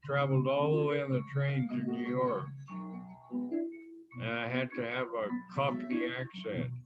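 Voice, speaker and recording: An older man being interviewed, reminiscing in a halting way with many fillers and restarts. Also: mid-range voice, fairly even intonation, muffled recording, over loud music. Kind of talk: casual reminiscing chat. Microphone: video call.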